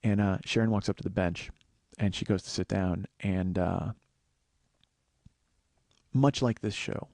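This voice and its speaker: A man's voice: sits low, fairly even intonation, gravelly, a little mellow, dry recording, studio quality. A man in his forties hosting a podcast, telling a long profane story in a monologue. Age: 40s. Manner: profane, fast-building storyteller. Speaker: podcast host.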